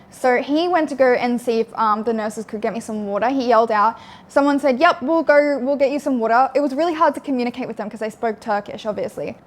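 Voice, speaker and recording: A young woman telling a personal story to camera, blunt and frank, swearing often and filling with likes. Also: high-pitched. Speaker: vlogger. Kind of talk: candid storytelling.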